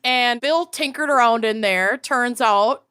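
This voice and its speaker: A woman's voice: fairly high pitch, a little slow, pushed and bright, clean tone. A young adult woman co-hosting a podcast, telling a story in a cranky, swearing, casual way. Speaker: podcast co-host. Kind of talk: casual chat.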